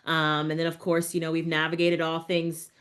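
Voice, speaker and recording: A woman's voice: low voice, completely flat delivery, moderate pace, fairly bright tone, clear, resonant tone. A woman in her thirties, speaking as a family caregiver on a panel, thoughtful and searching for words. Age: 30s. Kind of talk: reflective webinar conversation.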